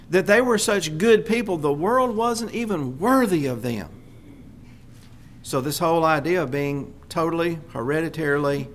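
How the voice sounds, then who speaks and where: A man preaching a sermon, speaking deliberately and repeating key phrases for emphasis. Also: a little high, a little hiss or hum.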